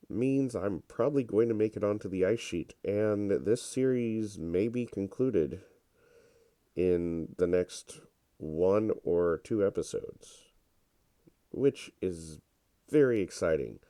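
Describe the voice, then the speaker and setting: A congested man talks through his gameplay in a relaxed, rambling way. His voice is deep, mellow and smooth, and he takes his time. The recording is dry and close. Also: slow pace, pauses often, dry recording. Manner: relaxed, rambling and self-deprecating. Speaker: gameplay commentator. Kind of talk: casual gameplay commentary.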